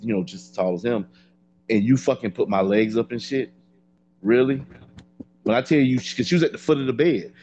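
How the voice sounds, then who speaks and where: A man telling a story in casual chat, blunt and profane, with a deadpan gripe. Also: mid-range voice, a little hiss or hum.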